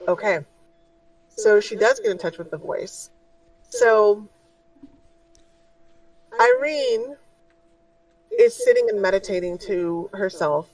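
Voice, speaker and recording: A woman's voice: mid-range voice, wildly swooping pitch, a little slow, gravelly, a little mellow, no room sound, distant mic, rough recording. A woman running a tabletop game as game master, narrating casually with lots of ums and likes. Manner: casual, with many fillers.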